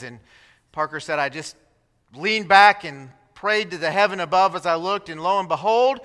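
A man delivers a sermon in a church sanctuary and tells the story with animation, slipping into the voices of its characters. His voice sits high and rings bright. The sound carries a long reverb from the hall. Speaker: pastor.

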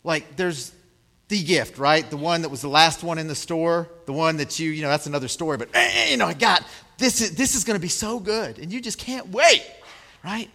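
A man's voice: fairly high pitch, lively intonation, a little fast, creaky, big-room sound. A man preaching a sermon, chatting with the congregation and acting out scenes as he talks. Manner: conversational, checks in with the congregation; acts out scenes with big swings in loudness. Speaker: pastor.

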